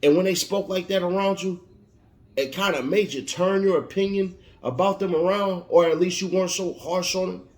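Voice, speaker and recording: A man's voice: high-pitched, steady tone, moderate pace, darkish tone. A man giving an emphatic motivational monologue, warning and repeating his points like a preacher. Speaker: motivational speaker. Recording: roomy echo.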